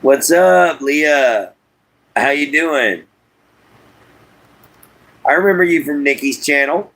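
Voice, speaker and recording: A man's voice: on the high side, expressive, slow, a bit bright, poor audio. Folksy man chatting on a livestream. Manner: folksy, drawling, reads chat aloud. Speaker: livestream host. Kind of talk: casual livestream chat. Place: inside an RV.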